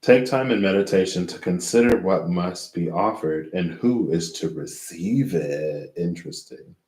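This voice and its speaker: A man's voice: low voice, measured pace, darkish tone, roomy sound. A sleepy man doing a casual tarot reading, reading from a guidebook and rambling as he thinks aloud. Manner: rambling, thinks aloud and loses track mid-sentence. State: sleepy, yawning. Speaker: tarot reader.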